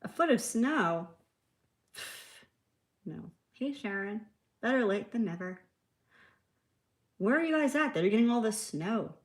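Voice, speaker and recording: A woman's voice: on the high side, animated, a little slow, pauses often. A woman hosting a live nail art tutorial, chatting casually, answering viewer comments and laughing easily. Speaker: nail art livestream host.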